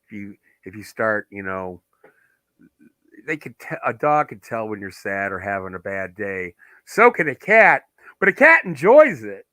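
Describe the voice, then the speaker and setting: A man's voice: fairly low pitch, very animated, unhurried, bright, forceful tone, no room sound, clean studio sound. A man in a casual group chat who jokes crudely and laughs often.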